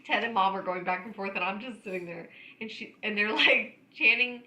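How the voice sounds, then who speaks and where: A woman's voice: medium pitch, fast talker. A woman, co-hosting a podcast and telling funny stories with lots of laughter. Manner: animated, laughing storyteller. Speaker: podcast co-host. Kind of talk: casual chat, storytelling. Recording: roomy echo.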